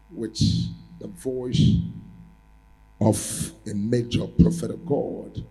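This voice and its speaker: Man, prophetic sermon, gravelly husky voice, dark mellow tone, lively swooping pitch, emphatic repetition, faint music behind. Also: low-quality recording. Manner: emphatic, repetitive preaching with sudden loud rises.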